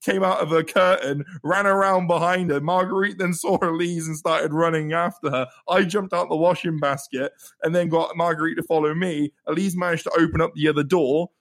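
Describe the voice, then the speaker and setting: Brief: young guy, slightly high voice, excitable storyteller who swears and laughs easily. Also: fairly quick, vocal fry, hardly any pauses. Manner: animated, swearing, laughing, repeats words. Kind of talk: casual storytelling chat.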